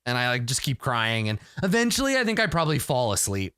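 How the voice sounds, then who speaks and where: A man's voice: mid-range voice, big pitch swings, quick pace, pushed and bright, clean tone, no room sound, clean studio sound. Man rambling through a solo tabletop game. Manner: rambling, filler-heavy, emotional. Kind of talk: first-person narration of a solo tabletop game.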